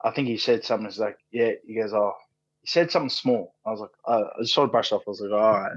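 A man's voice: on the low side, quick pace, slightly rough, no room sound. An Australian man in his thirties, a podcast guest telling stories in casual chat, laid-back and full of fillers, swearing freely. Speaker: podcast guest, rugby league player. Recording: dull, dry sound.

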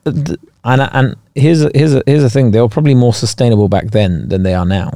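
A man co-hosting a comedy quiz podcast, teasing his partner in quick, easy banter. His voice is mid-pitched and sits dry and close to the mic. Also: warm tone, no room sound. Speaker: podcast co-host. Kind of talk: casual comedic chat.

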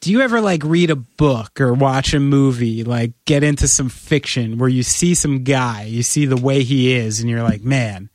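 Animated, persuasive man on a podcast. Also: normal speed, few pauses, no echo, clean studio sound. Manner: animated, playfully persuasive, talks in long run-on pitches. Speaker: podcast co-host. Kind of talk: casual podcast chat.

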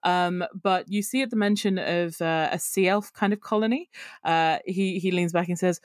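A woman narrating a tabletop role-playing game as game master, with many pauses and fillers. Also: on the low side, dry recording, clean studio sound. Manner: hesitant, frequent fillers, laughs often.

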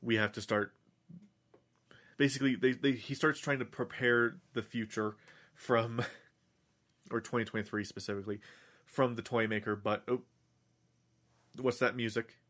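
A man's voice: medium pitch, fairly even intonation, moderate pace, long pauses, a bit bright. A man on a podcast casually recapping an episode, rambling with many restarts and fillers. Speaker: podcast host.

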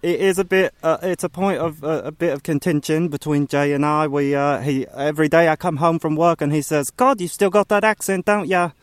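A man's voice: fairly high pitch, steady tone, a little fast, few pauses, smooth, no room sound, lightly acted. A man playing a self-pitying, divorced male roommate with an accent, stammering and hesitant in a gloomy improv comedy scene.

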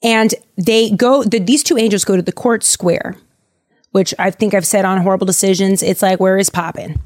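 A woman's voice: medium pitch, fairly even intonation, normal speed, darkish tone, no room sound, clean studio sound. A woman podcast host casually retelling a Bible story in a chatty, jokey way.

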